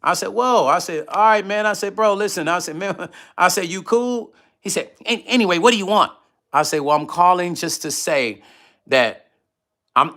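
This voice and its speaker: A man casually telling a personal story on his vlog, animated and profane, acting out both sides of phone calls. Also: a little high. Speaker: musician vlogger.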